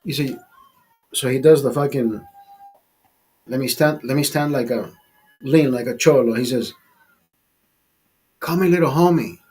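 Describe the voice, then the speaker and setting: A man's voice: mid-range voice, fairly even intonation, normal speed, pauses often, darkish tone, breathy edge, soft background music. Blunt, cussing fifty-year-old man. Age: 50s. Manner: blunt and profane, repeats himself. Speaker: vlogger. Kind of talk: casual ranting monologue.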